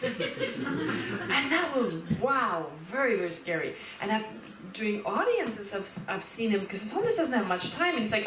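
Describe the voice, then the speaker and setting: Woman, Buddhist teacher, lecture, animated, roomy hall recording, faint ambience. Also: on the high side, normal speed, a little hiss or hum. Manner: lively, laughing, acts out quotes. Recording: roomy hall, speaker far from the mic.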